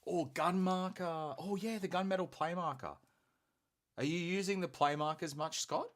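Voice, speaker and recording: A man's voice: high-pitched, normal speed, fairly bright tone. An Australian man hosting a hobby painting stream, chatting casually and enthusiastically with plenty of fillers. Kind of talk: casual live-stream chat while painting.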